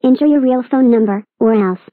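A woman's voice: a little high, fairly quick, no echo, close to an everyday voice. A synthetic female voice as a smug scheming cartoon villain. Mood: gloating. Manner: gloating, taunting, threatening. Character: scheming smug villain who makes a spammy operating system. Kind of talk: text-to-speech cartoon voice. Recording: dry tinny phone-like audio.

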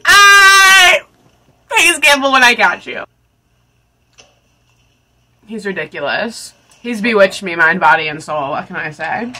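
Gushing bright-voiced young woman. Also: high-pitched. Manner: gushing, excitable, swearing, frequent giggles. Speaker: YouTuber reacting to a movie. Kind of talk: casual reaction vlog.

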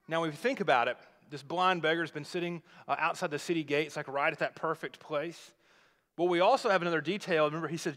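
A pastor preaching a sermon, retelling a scripture story in a conversational, explaining way. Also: male voice, fairly high pitch, fairly quick, a bit bright. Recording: long reverb of a large hall.

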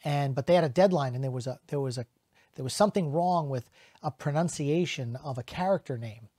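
A middle-aged man who is a voice actor, chatting casually to camera in an animated way and slipping into quick character voices. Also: fairly high pitch, no room sound, clean studio sound.

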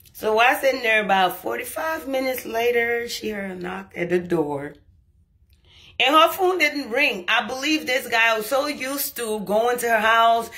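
A young adult woman from Liberia telling a comic personal story to camera, lively and acting out the quoted lines. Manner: animated, acts out quoted lines with rising pitch and volume. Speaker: comedian storyteller.

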